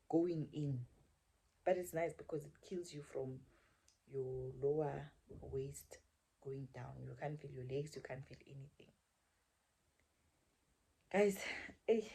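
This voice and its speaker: Low, gravelly woman vlogger. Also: mellow. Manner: chatty, often drops to a whisper. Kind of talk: casual storytime chat.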